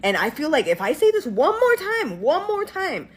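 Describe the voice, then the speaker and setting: A woman's voice: high voice, huge pitch swings, moderate pace. A woman content creator telling a story to camera in a dramatic, exaggerated way. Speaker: social media creator. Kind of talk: casual chat to camera.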